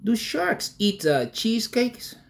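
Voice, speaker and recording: A man's voice: sits high, sing-song, takes it slowly, creaky, voice pushed up, full character voice. A man voicing his playful, goofy male friend while retelling a joke, teasing and mock-serious.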